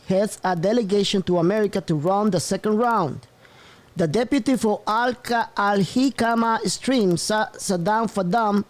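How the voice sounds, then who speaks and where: A man's voice: high-pitched, darkish tone. A man hosting a casual news commentary show, rambling and often breaking into laughter. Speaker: host.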